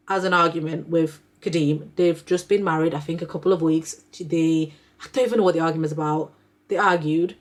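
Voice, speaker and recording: Young woman doing a chatty book review vlog, kinda low voice, rambles a lot. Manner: chatty, rambling, heavy use of "like" fillers. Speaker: book reviewer, neonatal nurse. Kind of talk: casual book review chat.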